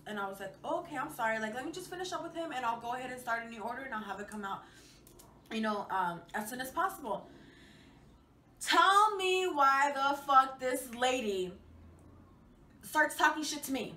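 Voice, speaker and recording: A bright, fairly high-voiced young woman rambles through a casual storytime, swearing freely and leaning on fillers. She sits a little back from the mic in an echoey room, with a faint hiss behind her. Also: expressive, normal speed, distant mic. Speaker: vlogger.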